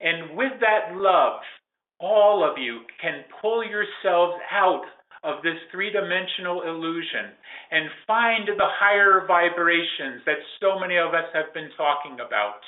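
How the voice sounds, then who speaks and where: A man channeling a calm, benevolent male ascended spirit, speaking in slow, measured, solemn pronouncements. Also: sits high, pitched below the performer's own voice. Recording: echoey room, tinny phone-like sound.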